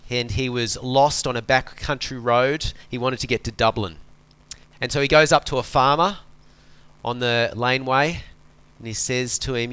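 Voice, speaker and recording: Speaking in a clean-toned, medium-pitched voice, a man preaches a sermon that feels like an easygoing chat among friends. Every so often he stops to ask his listeners a rhetorical question.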